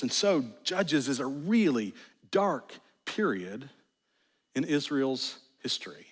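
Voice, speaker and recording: A man preaching a sermon in a church, animated and jokey, with sudden exclamations. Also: a little high. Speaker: pastor. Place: large church sanctuary. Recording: long church hall reverb.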